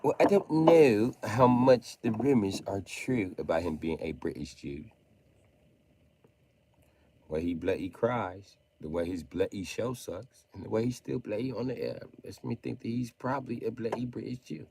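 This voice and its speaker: A man livestreaming, ranting in mocking tones with sudden shouted bursts and jokey mock British slang. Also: fairly low pitch, normal speed, vocal fry, slight background noise.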